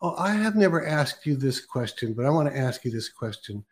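A man's voice: medium pitch, big pitch swings, fairly quick. A man in his sixties co-hosting a Christian talk show, musing aloud and often restarting his sentences. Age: 60s. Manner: musing, with many restarts and fillers. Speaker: co-host.

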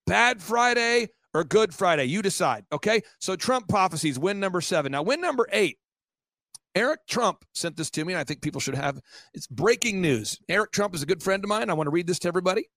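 Casting: middle-aged man, fairly high voice, dry close sound, emphatic repetitive storyteller. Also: expressive, fairly bright tone, no echo. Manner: fast-paced, repetitive, emphatic. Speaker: guest. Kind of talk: animated storytelling.

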